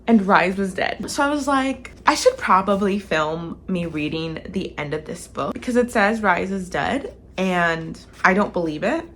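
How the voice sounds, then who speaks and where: A woman's voice: lowish voice, animated, measured pace, hardly any pauses, fairly bright tone, slight background noise. A woman talking casually in a reading vlog, chatty and emotional with dramatic reactions. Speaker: book vlogger.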